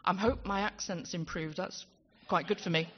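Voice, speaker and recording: A woman's voice: fairly low pitch, fairly even intonation, normal speed. Chatty woman thanking a conference crowd. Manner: chatty, self-deprecating, stumbles over words. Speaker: presenter at a conference closing ceremony. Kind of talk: live thank-you speech on stage. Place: conference hall with audience. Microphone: handheld microphone. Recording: dull hall sound with crowd behind.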